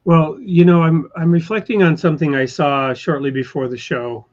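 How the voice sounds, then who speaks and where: A man hosting an interview, speaking thoughtfully and haltingly with fillers. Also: fairly high pitch, steady tone, darkish tone. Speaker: podcast host. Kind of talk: interview conversation. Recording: slightly dull lo-fi sound.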